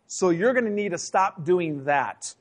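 A man's voice: high-pitched, lively intonation, a little slow. A man, a pastor, preaching a sermon in a church, in a conversational, joking way with acted asides. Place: church sanctuary.

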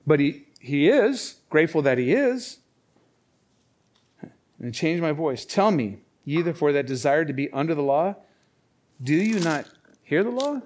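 Male preacher, high voice, chatty sermon delivery with scripture readings and rhetorical questions. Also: big pitch swings, a little slow, long pauses, darkish tone. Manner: conversational preaching, reads scripture aloud, asks rhetorical questions. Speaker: pastor.

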